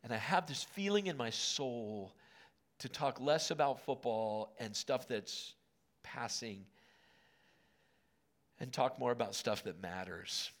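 A man in his late fifties delivers a sermon in an auditorium, talking to the congregation as if chatting with them. He asks them questions along the way and lets his voice go soft and gentle when he wants a word to land. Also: mid-range voice, slow pace, long pauses. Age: 50s. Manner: conversational, animated storytelling with asides to the congregation; drops to a soft, gentle tone on key words. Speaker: pastor.

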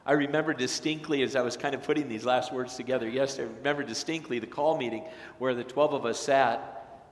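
A male pastor preaching a sermon, rising to loud emphatic peaks and dropping to hushed, slow phrases. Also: medium pitch, steady tone, echoey room, in a large hall. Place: church sanctuary.

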